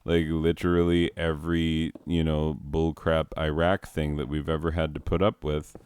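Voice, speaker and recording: A man's voice: very deep voice, flat delivery, normal speed, a little mellow, smooth, no echo, clean studio sound. A man who teaches, talking casually over his gaming and drifting off into long history tangents with jokes. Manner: rambling, goes off on history tangents; laughs at his own jokes and mocks things in silly put-on voices. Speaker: game video host.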